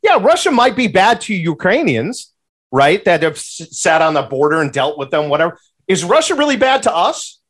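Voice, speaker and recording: A man on a casual podcast who talks with a profane, ranting edge. His voice sits a bit high for a man and swings widely in pitch as he argues. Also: moderate pace. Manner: animated, profane, rants with rising exclamations. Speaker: podcast guest.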